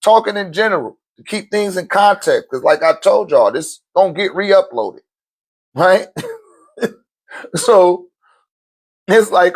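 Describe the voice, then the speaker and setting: A man's voice: sits high, unhurried, pauses often. A man giving a blunt, profane, unscripted talk, addressing listeners directly with slang and laughing between points. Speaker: host of a spiritual talk channel. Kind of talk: unscripted preaching monologue.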